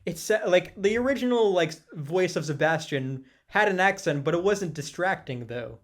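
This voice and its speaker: Male guest, somewhat high pitch, blunt, chatty delivery. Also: animated, normal speed. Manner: blunt, chatty, hesitant fillers. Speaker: guest co-host. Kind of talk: casual film discussion.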